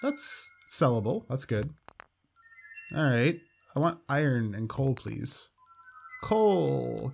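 A man's voice: mid-range voice, very animated, takes it slowly, vocal fry, long pauses, slight background noise. A man casually commenting on his gameplay, upbeat and chatty with dry sarcastic asides. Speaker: let's play host.

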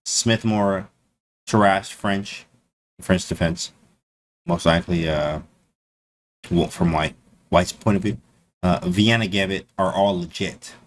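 Slangy low-voiced male streamer. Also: slow pace, long pauses, a little hiss or hum. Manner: slangy, animated, repeats himself. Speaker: chess streamer. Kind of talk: casual live-stream chat to viewers.

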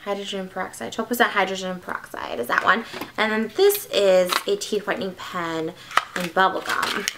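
A young woman vlogging an unboxing in a bubbly, excitable, gushing way. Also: medium pitch, normal speed, slight background noise. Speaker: beauty vlogger. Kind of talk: casual unboxing vlog.

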